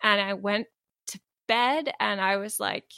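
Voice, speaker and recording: A woman in an open, candid conversation who laughs often and keeps restarting her sentences. Her voice sits at a medium pitch and sounds close and dry, with no room sound around it. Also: a little slow, bright, forceful tone, clear, resonant tone, no room sound. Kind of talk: casual conversation.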